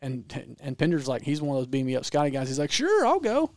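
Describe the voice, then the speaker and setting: A man with a Southern American accent telling stories in casual podcast chat, animated and rambling with frequent restarts. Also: mid-range voice, fast, no echo, clean studio sound. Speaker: podcast guest storyteller.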